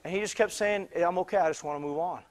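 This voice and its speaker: High-voiced man preaching with restarts. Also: quick pace. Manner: animated, many restarts, rising to loud exclamations. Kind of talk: sermon storytelling. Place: church sanctuary.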